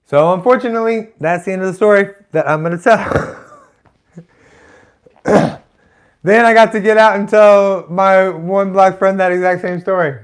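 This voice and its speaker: A man's voice: high-pitched, fairly even intonation, moderate pace, long pauses, clean tone. A man doing live stand-up comedy, telling a rambling story full of restarts and asides. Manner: rambling, self-interrupting, chatty asides.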